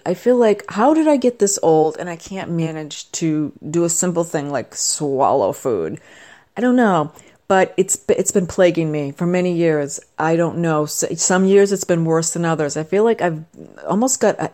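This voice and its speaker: A woman's voice: on the low side, a little mellow. Chatty middle-aged woman rambling on. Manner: chatty, self-deprecating, wandering asides. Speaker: vlogger. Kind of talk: casual rambling monologue.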